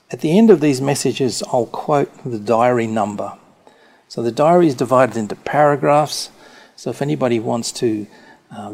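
Slow, deliberate male preacher. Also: mid-range voice, darkish tone. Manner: slow, deliberate, stressing key words. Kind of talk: sermon.

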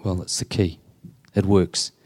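This deacon, who ministers in prisons, is interviewed and tells his stories earnestly and simply, acting out what people said. His voice sits low, with a flat, unhurried delivery that's slightly mellow.

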